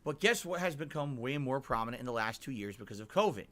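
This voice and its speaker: A middle-aged vlogger from Connecticut talks fast with lively intonation, rambling through a long, emphatic story and checking in with the listener. His voice is mid-range and fairly bright.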